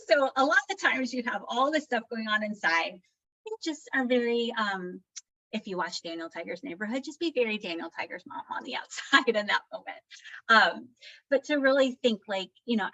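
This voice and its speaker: A woman's voice: expressive, moderate pace, dull audio. A middle-aged woman speaking as a guest on parenting, answering questions reflectively and acting out quoted lines. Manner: warm, reflective, acts out quotes with shifts in pitch.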